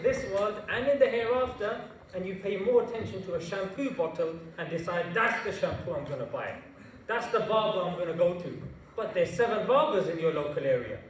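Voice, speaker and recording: An invited speaker gives a public talk to students in a large university hall, his high-pitched voice echoing with the mic far off and slight background noise. He tells stories in an animated, jokey, slangy way.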